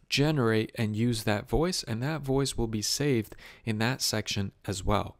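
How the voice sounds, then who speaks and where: Male tutorial host, easygoing step-by-step explainer, average pitch, dry close sound. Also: no echo. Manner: relaxed, chatty step-by-step explaining. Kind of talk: casual software walkthrough.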